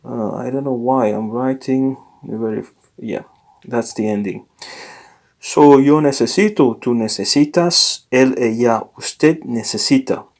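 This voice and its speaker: Man teaching a lesson, halting and self-correcting. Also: mid-range voice, vocal fry, a little mellow. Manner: unscripted, self-correcting, frequent fillers and restarts. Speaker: language teacher. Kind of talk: informal recorded lesson.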